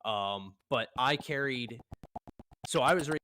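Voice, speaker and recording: Guy on a podcast mic, normal pitch, trips over his words and restarts a lot. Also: bright, forceful tone, slight background noise. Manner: quick, stumbling speech with restarts. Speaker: racing podcast participant. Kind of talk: casual chat.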